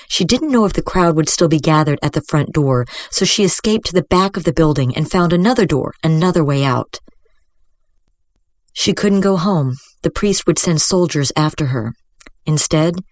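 A woman narrates a fantasy tale in a steady, measured reading voice that sits low for a woman. The recording is close and dry, with no room sound around her. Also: no echo. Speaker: story reader. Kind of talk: scripted story narration.

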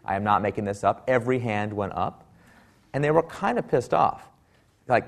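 A man's voice: lowish voice, expressive, moderate pace, vocal fry. A man speaking at a talk, telling a wry story and acting out the people he quotes. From Silicon Valley, US.

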